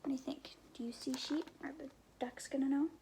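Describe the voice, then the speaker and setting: A woman reading a picture book aloud to children, asking them gentle questions and often dropping to a whisper. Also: sits high, fairly even intonation, brisk, slight background noise. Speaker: story time reader.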